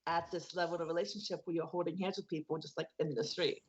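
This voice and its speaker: A woman's voice: fairly low pitch, fairly even intonation, fast talker, lo-fi sound. A woman narrating a tabletop game as game master, casual and rambling with many fillers.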